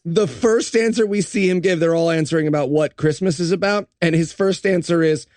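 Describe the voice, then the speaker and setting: A man's voice: a little high, brisk, darkish tone, no echo. A man co-hosting a comedy podcast, joking with a mock-dramatic delivery. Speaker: podcast co-host. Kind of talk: casual comedic podcast chat.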